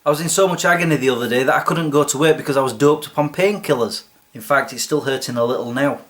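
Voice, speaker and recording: A man hosts his own comedy vlog and chats to camera in a casual, sarcastic way. His voice sits at a medium pitch. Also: quick pace, fairly bright tone. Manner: sarcastic, chatty. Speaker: vlogger host.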